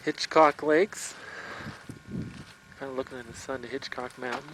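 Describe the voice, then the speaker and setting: A man narrates a home video of his hike on a high mountain trail, talking casually and admiringly while out of breath. His medium-pitched voice is steady and moderately paced. The built-in camcorder mic captures loud wind noise on the home camcorder tape.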